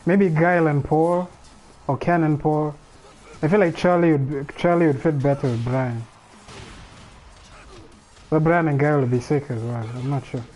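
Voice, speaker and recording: A man's voice: on the high side, steady tone, normal speed, long pauses, a little mellow, rough recording. A man hosting a casual livestream alone, thinking aloud in a rambling way with frequent restarts. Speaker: livestream host. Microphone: streaming microphone.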